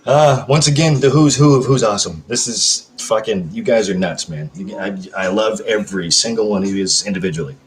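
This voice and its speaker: Low-voiced man rambling on a livestream. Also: brisk, hardly any pauses, slight background noise, poor audio. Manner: rambling, profane, hyper. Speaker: livestream host. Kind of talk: casual livestream chat reading comments.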